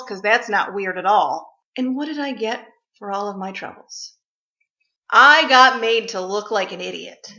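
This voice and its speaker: A woman vlogger with a medium-pitched, bright, forceful voice rants about gifts at a normal speed. Her comic tirade is blunt, sarcastic and profane. The recording sounds slightly dull, in an echoey room.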